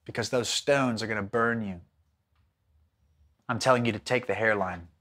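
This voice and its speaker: A man voicing the Lord as a gentle, firm male divine voice in a sermon, speaking hushed, slow and patient. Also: fairly low pitch, voice pushed down. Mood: gently guiding. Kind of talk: acted-out sermon dialogue.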